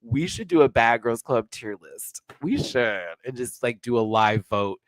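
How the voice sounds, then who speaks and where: A man hosting a live review show, ranting bluntly and with swearing, his voice swinging from quiet mutters to loud high outbursts. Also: lively intonation, a little slow, no echo, poor audio. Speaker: drag race reviewer and channel host.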